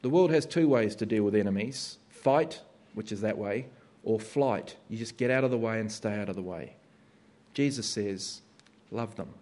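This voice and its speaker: A man's voice: on the low side, moderate pace, darkish tone. A male preacher delivers a sermon. He talks in a conversational way and slips into the voices of his listeners to make a point.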